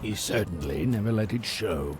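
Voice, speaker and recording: A man narrating a video game story in a measured, wry storybook manner. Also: fairly low pitch, expressive, close to an everyday voice. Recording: game audio with music behind.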